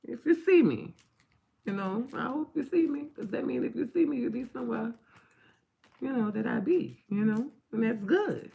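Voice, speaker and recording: A woman from the New Orleans area with a New Orleans accent, talking in a rambling live-stream monologue. She is animated, swears, and swings from loud to hushed. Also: on the high side, moderate pace, creaky. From New Orleans area, Louisiana. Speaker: livestream host.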